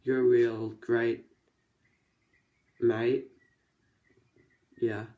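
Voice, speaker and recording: A man's voice: medium pitch, flat delivery, drawn-out words, narrow, tinny audio. A young man in his late teens with an Australian accent, chatting casually to camera in a rambling, jokey way that keeps restarting sentences. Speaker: vlogger.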